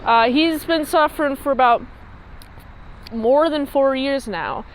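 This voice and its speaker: A woman's voice: high voice, a little slow, a little hiss or hum, poor audio. A woman giving a casual, rambling episode recap, full of fillers and loose asides. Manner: rambling, filler-heavy chat. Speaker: show reviewer.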